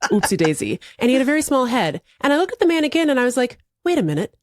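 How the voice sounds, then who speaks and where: A woman in her forties co-hosting a podcast, telling a comic story in a lively way and laughing often. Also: high-pitched, very fast. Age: 40s. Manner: animated, laughs through her own stories. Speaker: podcast co-host. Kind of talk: casual chat, comic storytelling.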